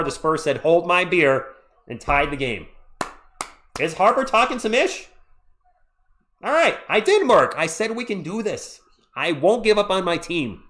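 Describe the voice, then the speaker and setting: A man hosting a live play-by-play stream, calling the action and chatting with viewers in an excitable, jokey way. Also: fairly high pitch. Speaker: livestream play-by-play host. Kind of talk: live play-by-play with chat reactions.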